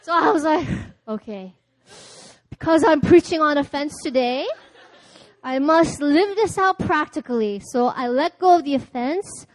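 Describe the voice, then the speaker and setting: A woman delivers a sermon, with a high voice heard dry and close. She tells personal stories, acts out both sides of conversations, and often laughs as she goes. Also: animated, unhurried, no room sound. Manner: storytelling, acting out dialogue, laughing often. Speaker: preacher. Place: church.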